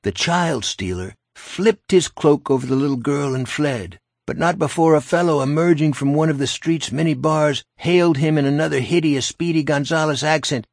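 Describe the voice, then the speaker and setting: A man's voice: fairly high pitch, moderate pace, few pauses, darkish tone, no echo. A man narrating an audiobook in a dry, wry storytelling manner, close to the mic. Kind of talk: scripted narration.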